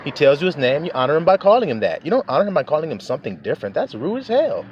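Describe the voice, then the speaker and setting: A man's voice: on the high side, big pitch swings, very fast, highs cut off, a little hiss or hum. A man preaching in a casual, emphatic way, cursing freely and chuckling often. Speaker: religious teacher. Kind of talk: informal preaching rant.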